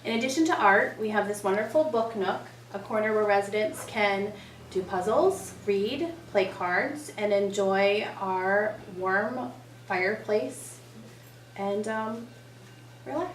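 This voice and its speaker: A woman's voice: medium pitch, takes it slowly, slight background noise. A woman working as a recreation therapist, talking in a casual interview with many ums and restarts. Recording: roomy sound from a distant mic, soft music under.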